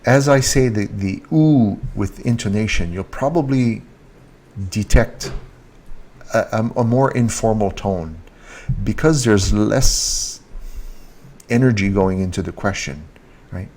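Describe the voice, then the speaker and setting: A man teaching grammar in a video lesson, repeating example sentences and lifting his pitch on the question words. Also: unhurried, a little mellow. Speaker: French teacher.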